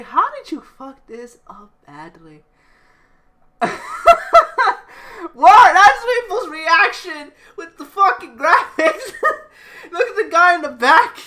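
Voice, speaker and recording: Lively, high-voiced woman ranting. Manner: swears constantly, breaks into laughter. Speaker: gaming video creator. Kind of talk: profane reaction rant.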